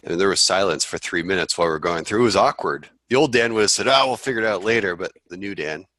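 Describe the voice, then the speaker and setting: A man's voice: low-pitched, fast talker, a bit bright, no echo. A male salesperson trainee eagerly sharing a story from a recent meeting.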